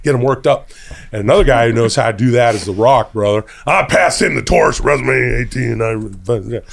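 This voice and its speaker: Guy doing a gravelly wrestler voice, brags a lot, calls everyone brother. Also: mid-range voice, brisk. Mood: boastful. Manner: boastful wrestling-promo bluster.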